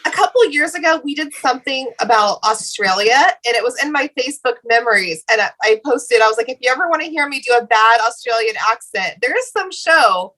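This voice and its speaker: Woman with a fairly high voice hosting a podcast. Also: animated, fairly quick, few pauses, sharp tone. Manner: light, self-deprecating banter. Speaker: podcast host. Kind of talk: podcast hosting and casual chat.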